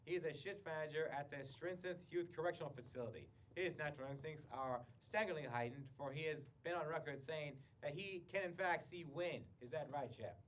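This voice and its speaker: A man's voice: on the high side, a little fast, few pauses, slight background noise, close to an everyday voice. A man playing a slick, sarcastic game-show host with mock politeness. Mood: smarmy.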